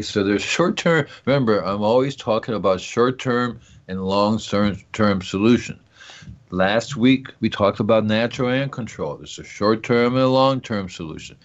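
A man's voice: lowish voice, muffled recording. A man hosting an organic gardening radio show, talking in a rambling, jokey way, asking himself questions and circling back to his points. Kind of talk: casual call-in gardening talk.

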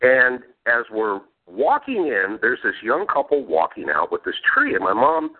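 A man's voice: mid-range voice, wildly swooping pitch, moderate pace. A male podcast host telling profane family stories in casual chat and laughing between lines. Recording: phone-like narrow sound.

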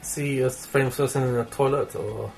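A man's voice: mid-range voice, steady tone, moderate pace, gravelly, over loud music, low-quality recording. A man co-hosting a podcast, agreeable and chatty, often answering with yeah. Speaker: podcast co-host. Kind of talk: casual chat.

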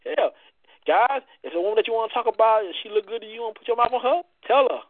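Male show host, high and animated, brash and preachy, dry phone-quality audio. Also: rapid-fire, no echo. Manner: loud, playful, preachy banter with frequent cursing. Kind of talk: casual radio-style chat.

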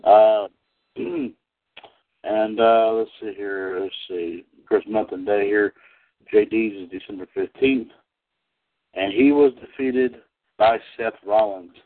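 Slow, low-voiced man on a tinny line. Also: steady tone. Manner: halting, many fillers, laughs easily. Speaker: podcast host. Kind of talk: casual wrestling podcast chat. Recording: tinny phone-line sound.

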